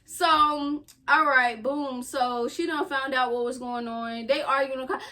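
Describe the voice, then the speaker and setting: A woman's voice: high voice, steady tone, unhurried, few pauses, pushed and bright. A young woman co-hosting a vlog, telling a family story in a loose, slangy, casual way. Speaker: vlog co-host.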